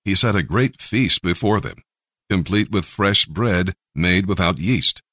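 Low, expressive male narrator. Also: a little slow, dry recording, studio quality. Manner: expressive storytelling. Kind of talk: scripture reading.

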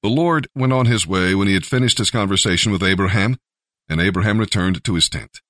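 A man narrating a scripture story with expressive storytelling. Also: deep voice, a little fast, dry recording, studio quality. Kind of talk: scripture reading.

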